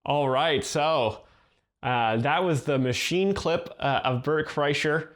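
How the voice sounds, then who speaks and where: A man explaining jokes in a flat, deadpan way, hesitating with ums and uhs. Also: a little high, slow pace. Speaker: joke explainer host.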